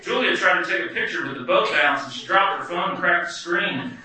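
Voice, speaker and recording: A man performing a wry, animated first-person story live. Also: high voice, fairly quick. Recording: echoey hall from far off.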